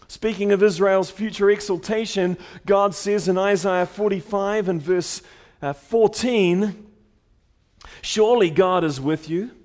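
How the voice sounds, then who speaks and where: A man preaching a sermon with emphasis, repeating key lines and swinging from loud declarations to hushed, soft phrases. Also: sits high.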